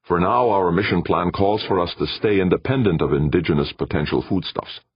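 Man putting on a beefy proud engineer, eager, emphatic, husky, dull recording. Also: deep voice, fairly quick, dry recording, pitched above the performer's own voice. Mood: hearty. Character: proud hearty beefy male roboticist.

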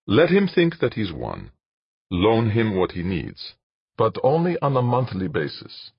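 A man playing a smooth, calculating businessman. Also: on the low side, huge pitch swings, no echo, highs cut off, pitched above the performer's own voice, exaggerated voice. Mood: placating. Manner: measured and placating. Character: smooth, sly male businessman, polite and calculating.

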